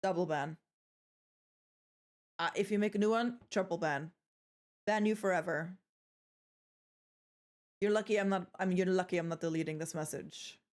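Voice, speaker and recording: A young woman with a fairly low, darkish voice speaks at a moderate pace, pausing often, during a live stream. Playful and chatty, she jokes with viewers, swears freely, and leaves thoughts hanging before restarting them.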